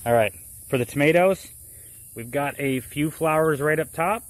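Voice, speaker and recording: A man's voice: on the high side, moderate pace. A man talking casually outdoors in his garden, explaining a gardening task step by step. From Florida. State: muffled by a face mask. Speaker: gardening vlogger. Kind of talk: casual how-to vlog.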